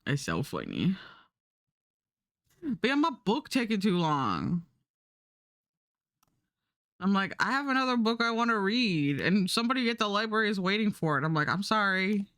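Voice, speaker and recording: A woman's voice: medium pitch, very animated, moderate pace, long pauses, fairly bright tone, no room sound. A young adult woman streaming, chatting casually and rambling while she draws, swearing now and then.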